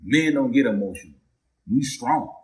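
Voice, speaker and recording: A man's voice: medium pitch, expressive, moderate pace, close to an everyday voice. A man acting out a touchy man who indignantly insists he never gets emotional or sensitive. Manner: indignant, protesting, loud.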